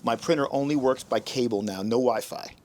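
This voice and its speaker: A man hosting a podcast, telling personal stories in a casual, animated way and acting out what others said. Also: medium pitch, brisk, a little hiss or hum. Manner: animated storyteller, acts out quotes in raised voices. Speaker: podcast host.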